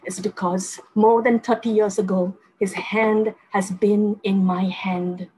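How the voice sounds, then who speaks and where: A woman's voice: medium pitch, level tone, slow pace, mellow, a little hiss or hum, low-quality recording. An older woman, preaching a fervent testimony sermon and telling stories to her listeners. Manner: fervent, storytelling, addresses listeners as friends.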